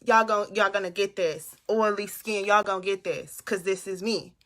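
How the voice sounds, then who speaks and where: A woman on a casual live stream, talking loud and animated straight to her viewers, giving them a pep talk. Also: medium pitch, moderate pace. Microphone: phone or webcam.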